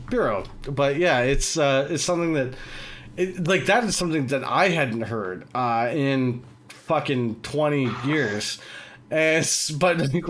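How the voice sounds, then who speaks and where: A man's voice: fairly high pitch, a bit bright, a little hiss or hum. A man with a British accent hosting a casual online chat and telling long rambling stories full of fillers and swearing. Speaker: host.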